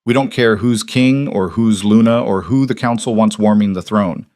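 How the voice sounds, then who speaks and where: A man voicing a weathered rebel wolf chief in his fifties with a rough northern mountain accent, dry and commanding. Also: lowish voice, moderate pace, a little mellow, no room sound, natural voice. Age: 50s.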